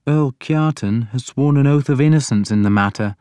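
A man voicing a mild but stern scholarly king in an audiobook, speaking in a measured way. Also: mid-range voice, mellow, smooth, no echo, clean studio sound, pitched above the performer's own voice, close to an everyday voice. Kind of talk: audiobook character voice.

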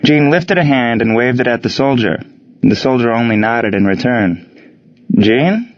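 Male audiobook reader, mid-pitched, measured, dull lo-fi audio. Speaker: audiobook narrator. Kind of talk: scripted story narration.

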